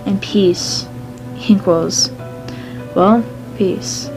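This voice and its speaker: A woman reads a story aloud at an ordinary pitch, now and then stumbling over a word. Soft music runs behind her. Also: steady tone, drawn-out words, poor audio. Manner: plain reading, with some stumbles. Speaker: fan fiction reader.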